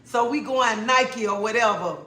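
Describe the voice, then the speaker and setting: A woman hosting a livestream, telling a lively story to her viewers and acting out what people said, laughing as she goes. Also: fairly high pitch, moderate pace. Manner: animated, laughing, acts out quoted dialogue. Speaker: livestream host. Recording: roomy echo.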